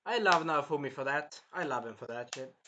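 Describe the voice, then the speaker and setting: A man's voice: fairly high pitch, animated, fairly quick, bright, forceful tone, slight background noise. A man reviewing an anime episode in a casual, rambling recap full of fillers, sounding a bit tired. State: tired, clearing his throat.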